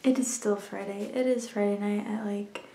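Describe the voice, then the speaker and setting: A woman's voice: mid-range voice, steady tone, normal speed, mellow. A woman vlogging casually to camera about her competition day, rambling with lots of fillers. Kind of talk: casual vlog talk to camera. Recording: noisy background.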